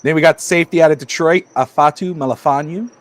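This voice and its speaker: A man co-hosting a casual sports podcast who tells stories in a quick, animated, rambling way. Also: a little high. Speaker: podcast co-host.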